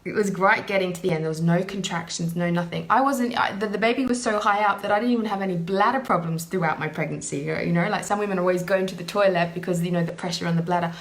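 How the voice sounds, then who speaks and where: A woman's voice: fairly low pitch, quick pace, few pauses. A woman in her thirties telling a personal story in an earnest, emotional way, with many "you know" fillers. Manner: frequent "you know" fillers, lively retelling.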